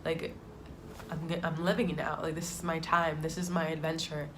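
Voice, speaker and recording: A young woman in her twenties with a slightly low voice, telling a personal story to her camera. She sounds heartfelt and reflective, and a faint hiss of room noise sits behind her. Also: flat delivery, moderate pace. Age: 20s. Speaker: vlogger.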